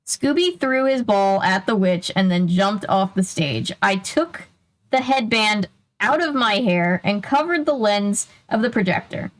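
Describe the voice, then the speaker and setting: A woman's voice: mid-range voice, animated, measured pace, low-quality recording. A young woman casually reading a children's mystery book aloud, breaking in with chatty asides.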